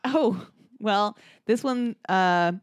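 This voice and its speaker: A woman's voice: medium pitch, drawn-out words, clear, resonant tone, no echo. A young woman hosting a party game as game master, chatty and giggly as she announces rules.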